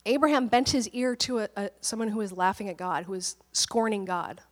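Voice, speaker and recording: A woman's voice: medium pitch, brisk, long reverb tail. A woman pastor preaching in a conversational, storytelling way, often laughing as she talks. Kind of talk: conversational sermon.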